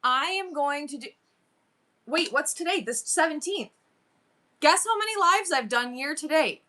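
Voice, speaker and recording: A woman live-streaming to her viewers, chatting casually and excitedly as she thinks aloud through her numbers and goals. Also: high-pitched, unhurried, pauses often.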